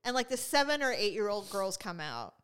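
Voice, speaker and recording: In a smooth, mid-range voice and at a fairly quick pace, a middle-aged woman co-hosting a podcast shares stories conversationally. She brings them to life by acting out quotes, laughing plenty along the way.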